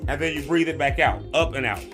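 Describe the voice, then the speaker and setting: A man with a Southern US accent hosts a casual morning livestream, talking straight to his viewers. His voice is bright and forceful, loose and chatty, with frequent laughs. Faint music plays softly behind him. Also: on the high side, fast talker. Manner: chatty, laughs often, talks to viewers as y'all. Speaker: morning live-stream host. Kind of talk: casual live-stream chat with breathing tips.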